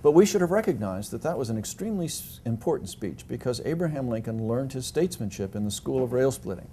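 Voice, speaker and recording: A man's voice: mid-range voice, expressive, fast, warm tone, a little hiss or hum. An older man, a historian guest, answering interview questions at length with frequent fillers, restarts and dry humor.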